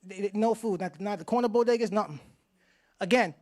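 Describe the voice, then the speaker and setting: A man from Hartford, Connecticut, a farmer telling his life story live on stage in an animated, slangy way, speaking straight to the audience. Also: high voice, fast. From Hartford, Connecticut, USA.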